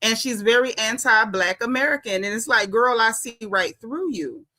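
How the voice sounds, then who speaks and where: A woman's voice: a little high, expressive, normal speed, sharp tone. A woman doing casual reality TV commentary for her viewers, sassy and emphatic, repeating her punchlines for effect. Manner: talks straight to viewers as y'all.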